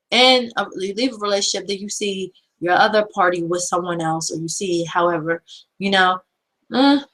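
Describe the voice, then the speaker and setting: A woman's voice: medium pitch, fairly bright tone, rough recording. A woman hosting an empowerment show, giving earnest, repetitive, preacher-like encouragement in casual motivational talk.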